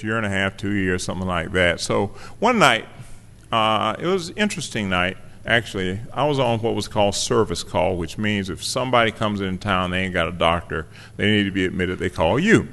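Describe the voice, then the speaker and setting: A long hall reverb surrounds a man recounting his recovery before an audience, wry and self-deprecating in a conversational way. He has a lowish, fairly bright voice with lively intonation and a moderate pace.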